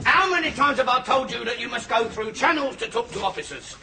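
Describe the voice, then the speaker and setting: A man's voice: very high-pitched, lively intonation, a little fast, pushed and bright, exaggerated voice. An actor playing a smug, boastful male RAF corporal with a cocky, sarcastic manner. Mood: bickering. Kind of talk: 1980s TV sitcom acting. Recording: noisy old TV soundtrack.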